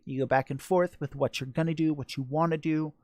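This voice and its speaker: A man's voice: a little high, fairly even intonation, fairly quick, darkish tone, no echo, studio quality. A man hosting a casual live-stream Q&A on sex education, blunt and joking crudely.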